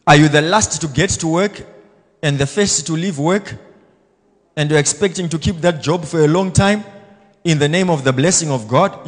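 A man pastor preaching a blunt, self-assured sermon, swinging between loud exhortation and quiet asides. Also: on the high side, moderate pace, big-room sound. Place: church hall.

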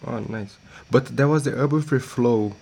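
A man's voice: medium pitch, normal speed, vocal fry, darkish tone, slightly rough. A man hosting a podcast, chatting in a friendly way and laughing easily. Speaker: podcast host. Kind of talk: casual podcast interview. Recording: faint music and machine hum.

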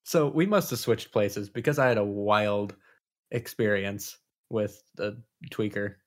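A man co-hosting a casual chat, reacting with easy laughter and telling his own stories in a relaxed way. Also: on the low side, a little slow. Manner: relaxed, amused, chuckling reactions. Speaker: podcast co-host.

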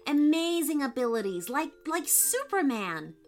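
A woman performs a full character voice, pitched above her natural range, as an earnest young boy asking questions. Her voice is high with big pitch swings and a measured pace, with soft music in the background.

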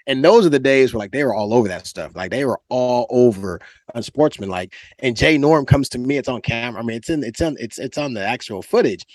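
A man's voice: brisk, hardly any pauses, no echo, clean studio sound. A man in his forties from California, a former football player co-hosting a podcast, telling a story in casual chat and acting out quotes with big jumps in his voice. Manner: animated, acts out quotes with big pitch jumps, laughs often.

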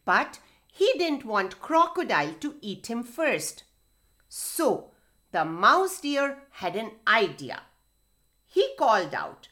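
A woman reading a children's story aloud, expressive and sing-song, talking to the children directly. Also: a little high, slow pace.

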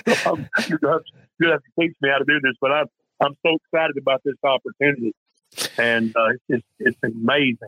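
A man's voice: mid-range voice, flat delivery, quick pace, pushed and bright, husky, no echo. A man from Mississippi, a pastor calling in to a faith show, talking in an upbeat, enthusiastic way with some hesitations. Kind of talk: phoned-in call-in conversation. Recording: tinny phone line.

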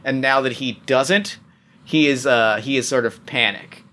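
A man narrating as game master, talking in halting bursts full of restarts and fillers. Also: medium pitch, sharp tone.

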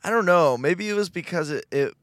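A man's voice: sits high, animated, a little fast, a bit bright, dry recording, studio quality. A young man co-hosting a podcast, laughing and teasing his friend in casual chat. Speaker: podcast co-host.

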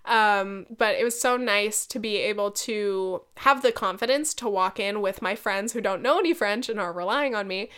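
A woman's voice: mid-range voice, normal speed, hardly any pauses, fairly bright tone, clear, resonant tone. A young woman hosting a solo podcast, chatting casually with lots of fillers, swearing and laughing often. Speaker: podcast host.

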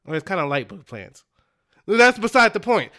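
Podcast co-host, man from Dallas, high bright voice, emphatic ranter. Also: moderate pace. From Dallas, Texas. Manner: animated, emphatic ranting with laughter. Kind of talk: ranting casual chat.

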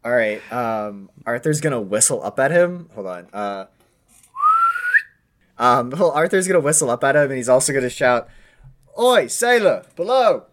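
A man's voice: mid-range voice, animated, normal speed, a bit bright. Casual, hesitant male player. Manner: casual, hesitant, thinking aloud. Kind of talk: tabletop role-play.

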